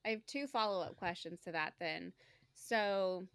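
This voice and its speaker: A woman's voice: on the low side, measured pace, creaky, clear, resonant tone, no echo. A woman co-hosting a book podcast, chatting casually and asking follow-up questions. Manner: upbeat, asks follow-up questions. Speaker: podcast co-host. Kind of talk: casual chat.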